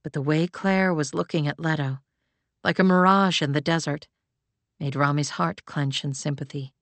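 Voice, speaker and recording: A woman reading fantasy fiction aloud as an audiobook narrator, in an even, measured way. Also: deep voice, dry recording.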